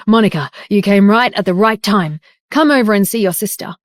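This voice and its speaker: A woman voicing a vicious older grandmother who scolds loudly and harshly. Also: mid-range voice, fairly quick, no echo, studio quality, natural voice. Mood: indignant.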